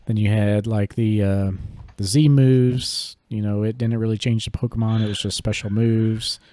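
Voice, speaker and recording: A man's voice: on the low side, normal speed. A man co-hosting a podcast, chatting casually and rambling a bit with lots of fillers. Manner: relaxed, rambling, many fillers and hedges. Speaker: podcast co-host. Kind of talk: casual chat about collectible cards.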